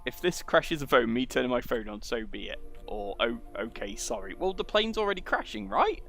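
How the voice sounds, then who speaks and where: A man's voice: mid-range voice, big pitch swings, fairly quick, creaky, a bit bright, faint music behind. A man giving casual, rambling commentary as he plays through a game and reads its text aloud. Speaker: let's play gamer.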